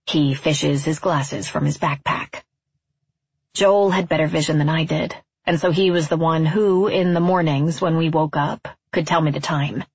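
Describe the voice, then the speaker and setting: A woman from California narrating a first-person story in a wry, deadpan, reflective way. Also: sits low, unhurried, husky, no room sound, highs cut off.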